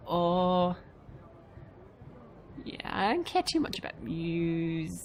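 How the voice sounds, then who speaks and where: A woman's voice: lowish voice, very animated, slow pace, a little hiss or hum, poor audio. Chatty woman reading a game aloud. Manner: chatty, thinks aloud about choices. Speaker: let's play host. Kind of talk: casual game commentary and reading game text aloud.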